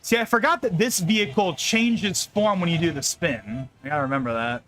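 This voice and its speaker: A man's voice: sits high, moderate pace, fairly bright tone, soft background music. A young man chatting casually on a live stream while playing a game, rambling, laughing often and repeating words.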